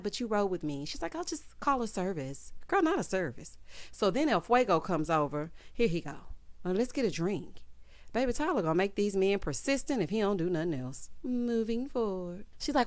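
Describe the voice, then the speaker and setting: A woman hosting a casual TV recap, retelling scenes in a sassy, animated way with quoted voices. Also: medium pitch, no room sound. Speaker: TV recap host.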